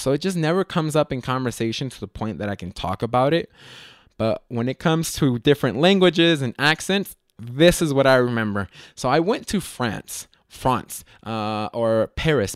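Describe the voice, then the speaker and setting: A man from Las Vegas hosting a casual podcast, telling stories in a rambling, self-correcting way with sudden lively jumps in pitch. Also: moderate pace, no room sound, clean studio sound. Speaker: podcast host. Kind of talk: casual solo podcast storytelling.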